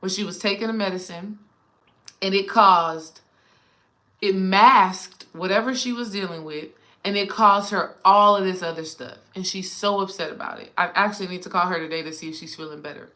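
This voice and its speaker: Bright-voiced, animated spiritual coach woman. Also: mid-range voice, moderate pace. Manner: animated and colloquial, addresses viewers directly. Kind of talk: casual spiritual talk to viewers.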